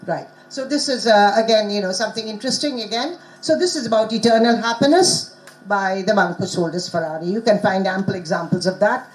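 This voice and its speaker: A woman's voice: medium pitch, lively intonation, a little fast, low-quality recording. A middle-aged woman presenting at a conference, teaching in an interactive way and quizzing the audience.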